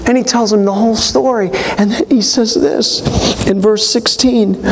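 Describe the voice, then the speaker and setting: A male pastor preaching a sermon in a church, telling the story in an animated way with quoted voices. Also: high voice, moderate pace, slight background noise.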